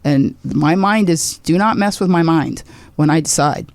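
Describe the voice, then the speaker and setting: A woman's voice: deep voice, unhurried, dry recording. A woman in her sixties, a comedian telling a story as a podcast guest, acting out the people she quotes. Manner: animated, acts out quoted people.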